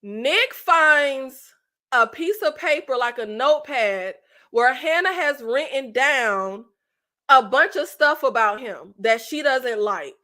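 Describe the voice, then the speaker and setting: Casting note: woman host, high bright voice, blunt and exasperated casual commentary. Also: slow. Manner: animated, exasperated, blunt with swearing. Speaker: channel host reviewing reality TV.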